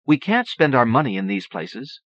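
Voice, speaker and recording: A man's voice: medium pitch, sing-song, moderate pace, a bit bright, no room sound. Guy doing a raised-up snappy worn-out mom voice, terse and scolding, dull dry cassette sound. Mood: sharp scolding. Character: harried, sharp-tongued young mother, strict and tired.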